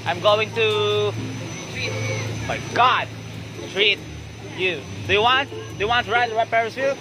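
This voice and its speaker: A man with a Filipino accent vlogging in broken English, joking and excitable, mixing in Tagalog slips. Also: sits high, a little slow, background noise. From Philippines. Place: outdoor amusement fair. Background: loud music.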